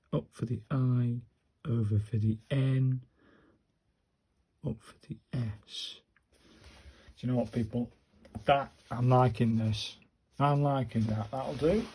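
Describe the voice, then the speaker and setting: A man slowly talking his viewers through handwriting practice, muttering each stroke as he writes. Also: medium pitch, warm tone, husky. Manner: slow, muttering step-by-step to himself and viewers. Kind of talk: casual narrated handwriting practice.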